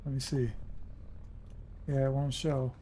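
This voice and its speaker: Slow-talking young man gaming. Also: mid-range voice, flat delivery, warm tone, slight background noise. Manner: swearing, muttering reactions to the game. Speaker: gaming streamer. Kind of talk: casual gameplay commentary.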